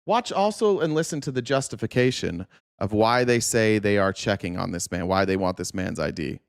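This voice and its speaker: A man's voice: on the low side, lively intonation, normal speed, clean tone, no echo, studio quality. A man hosting a podcast, commenting on news clips in a blunt, sarcastic way and swearing freely. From Arizona, USA. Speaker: podcast host.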